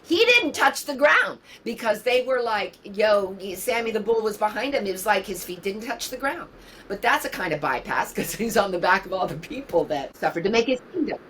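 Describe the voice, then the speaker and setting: Older woman from New York, yoga teacher, earnest, reflective guest; mid-pitched, repeats her points for emphasis. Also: lively intonation, normal speed, a bit bright, slight background noise, rough recording. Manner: earnest, musing, repeats key phrases. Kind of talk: reflective conversational interview.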